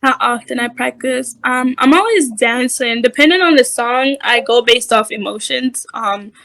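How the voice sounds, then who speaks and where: Bright-voiced woman telling lively stories. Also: on the high side, moderate pace, vocal fry, no echo. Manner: animated storytelling, acts out quoted voices. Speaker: dancehall dancer, interview guest. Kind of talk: casual interview chat.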